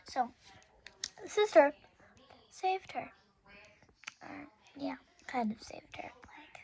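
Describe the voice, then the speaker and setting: Brief: woman YouTuber reacting, high voice with gravelly fry, halting and rambling, slips into whispers. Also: a little mellow, slight background noise. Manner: halting and rambling, lots of fillers, drops to whispers. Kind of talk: casual reaction commentary.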